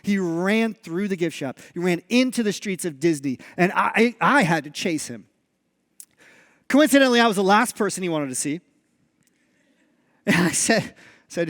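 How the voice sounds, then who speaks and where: Male pastor, high voice, lively storyteller, reverberant church hall. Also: moderate pace, long pauses. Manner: animated storyteller, acts out dialogue. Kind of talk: sermon. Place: church sanctuary.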